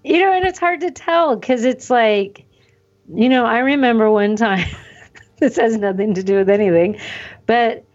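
A woman's voice: fairly high pitch, unhurried, a little mellow, lo-fi sound. A woman co-hosting a podcast, telling a casual story in a chatty way and quoting herself. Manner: chatty storyteller, laughs a lot, quotes herself. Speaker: podcast co-host. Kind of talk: casual chat.

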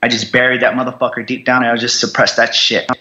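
Raw, profane man with a bright edge. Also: medium pitch, level tone, fast talker, muffled recording. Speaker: podcast guest, combat veteran. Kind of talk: candid interview storytelling.

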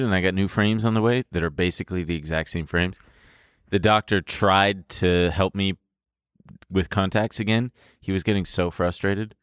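A man's voice: fairly low pitch, a bit bright, smooth, no room sound, clean studio sound. A man co-hosting a podcast in casual, joking chat, goofy and teasing. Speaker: podcast co-host.

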